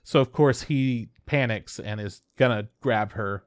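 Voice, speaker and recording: A man's voice: medium pitch, no echo, clean studio sound. A young man hosting a podcast, casually retelling an anime plot, swearing freely and briefly acting out the characters. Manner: loose, swearing, acts out characters in quick voices. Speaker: podcast host. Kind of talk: casual chat recapping an anime.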